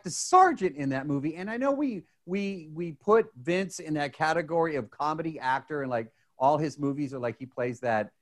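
A man, co-hosting a podcast in casual chat. He talks excitably and rambles, with many restarts. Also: fairly high pitch. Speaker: podcast co-host.

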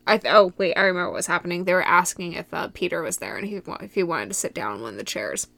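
Giggly rambling woman, bright dry voice. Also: lowish voice, very fast, creaky, no echo. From Michigan. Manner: giggly, rambling, goes off on tangents. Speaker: podcast host. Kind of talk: solo podcast recap, casual chat.

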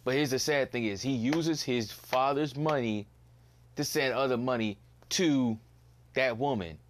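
A man's voice: mid-range voice, measured pace. A young man hosting a casual solo podcast, ranting bluntly, swearing and repeating himself in disbelief. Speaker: podcast host.

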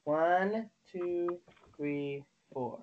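A young adult on a webcam video call, ranting and swearing constantly, bursting into shouts and cry-like laughter. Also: mid-range voice, extremely slow, narrow, tinny audio. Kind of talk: casual profane rant.

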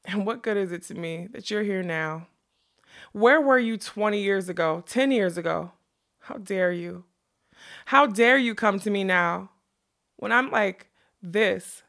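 A woman's voice: fairly low pitch, normal speed, few pauses, lightly acted. Woman reading as a fierce, bitter ragged camp woman. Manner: sharp, scolding and bitter. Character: fierce weathered middle-aged woman camp cook. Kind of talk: audiobook character reading.

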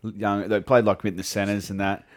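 A man's voice: fairly low pitch, flat delivery, normal speed. An Australian man hosting a podcast, laid-back and laughing as he reads out listener questions in casual chat. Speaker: podcast host.

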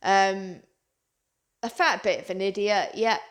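A woman's voice: medium pitch, a little slow. A woman talking earnestly and rambling to her viewers about spiritual healing, often repeating herself. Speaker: spiritual vlogger. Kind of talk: casual spiritual talk to viewers.

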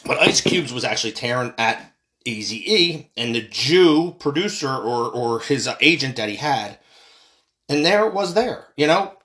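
A man's voice: mid-range voice, animated, measured pace, a bit bright. A man giving a heated, profane, rambling opinion rant as a commentator.

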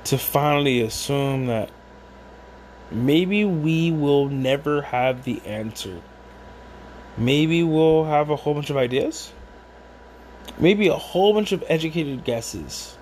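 A man talking at home in a meandering, musing way, doubling back on his words and drifting into asides. His voice sits a touch higher than most men's, with a faint hiss underneath. He drinks as he talks. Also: lively intonation, takes it slowly, pauses often, a little mellow. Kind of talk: rambling casual monologue.

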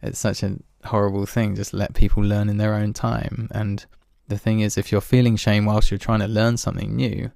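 A man's voice: lowish voice, level tone, moderate pace, creaky, hardly any pauses, a little mellow, no echo, studio quality. A man talking in a casual, reflective monologue, candid and self-deprecating, swearing now and then and laughing at himself.

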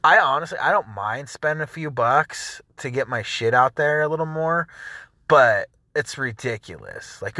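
A man's voice: mid-range voice, expressive, normal speed, sharp tone, dry recording. An irate male host rambles and swears nonstop between songs on his music show. His voice sits in a middle register and sounds dry and close, with no room around it. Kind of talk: profane ranting chat between songs.

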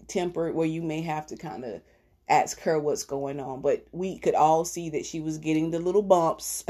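A woman with a low voice hosts her own podcast, talking through parenting advice in a loose, chatty way. She speaks straight to the listener, with plenty of fillers and check-ins. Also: darkish tone. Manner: chatty, conversational, with fillers and direct address. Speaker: podcast host. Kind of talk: casual advice talk.

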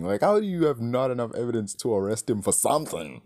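A man's voice: medium pitch, big pitch swings, fast, hardly any pauses, a little mellow. A man reviewing a movie in a casual rant, exasperated, swearing and firing off rhetorical questions.

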